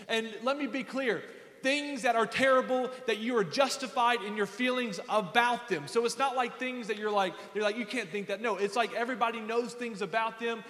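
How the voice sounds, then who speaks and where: A man preaching a sermon in a church sanctuary, with a repetitive, impassioned cadence that swells into shouting. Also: extremely high pitch, moderate pace. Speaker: pastor. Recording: echoey hall with faint congregation.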